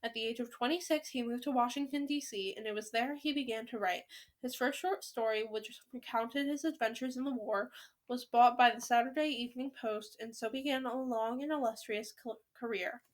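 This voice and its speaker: A woman reading a children's novel aloud in an expressive, animated way. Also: a little high, normal speed.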